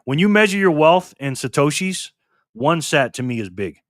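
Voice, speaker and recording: A man's voice: on the high side, very animated, normal speed, a bit bright, no room sound, studio quality. A man from Rochester, New York, hosting a live stream and chatting casually with viewers, greeting them by name as he reads their comments aloud. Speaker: livestream host.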